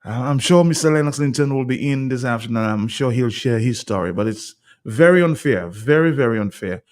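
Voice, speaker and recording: A man hosts a call-in radio show, brisk and conversational. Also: medium pitch, lively intonation, a little mellow. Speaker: radio talk show host.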